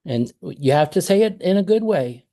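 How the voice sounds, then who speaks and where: A man's voice: high-pitched, animated, moderate pace, warm tone. A middle-aged man coaching a parent over a video call, talking conversationally and acting out example phrases.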